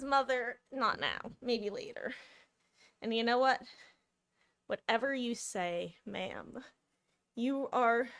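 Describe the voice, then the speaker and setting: A woman's voice: on the high side, fairly bright tone, no room sound. A woman in her thirties chatting casually while streaming a game, rambling with lots of ums and likes. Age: 30s. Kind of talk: casual live-stream chat while gaming.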